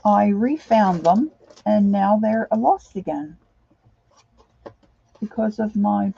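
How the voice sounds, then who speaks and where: A sleep-deprived woman talks her way through a craft project, wandering from thought to thought and humming snatches of song. Her voice is dark and gravelly, and her pace is slow and unhurried. The recording sounds dull and lo-fi. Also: medium pitch. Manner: rambling, sings and hums to herself while working. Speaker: crafting vlogger. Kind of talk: casual crafting chat.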